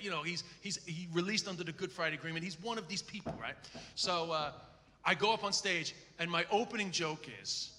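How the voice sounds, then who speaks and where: A man, a comedian, telling stories with lots of swearing at a live interview in front of an audience. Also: fairly high pitch. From Ireland. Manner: swearing, storytelling, animated. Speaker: comedian guest. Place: large hall with live audience. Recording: echoey hall with audience.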